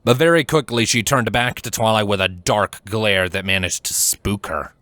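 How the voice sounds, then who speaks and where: A man reading fan fiction aloud as scripted narration, measured and steady. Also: fairly low pitch, no room sound. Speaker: fanfiction reader.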